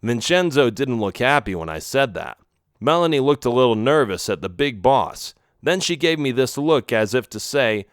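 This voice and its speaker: Expressive man reading a children's story. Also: medium pitch, normal speed, no room sound, studio quality. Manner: first-person, expressive. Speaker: audiobook narrator. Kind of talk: storybook narration.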